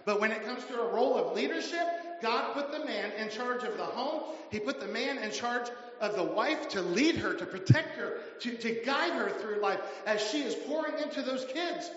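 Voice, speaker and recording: A middle-aged male pastor preaching with emphatic repetition, his voice high-pitched for a man. He is in a big church hall with long reverb, and the sound is muffled. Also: animated, moderate pace, hardly any pauses, a bit bright. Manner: emphatic preaching with repeated phrases. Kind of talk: sermon.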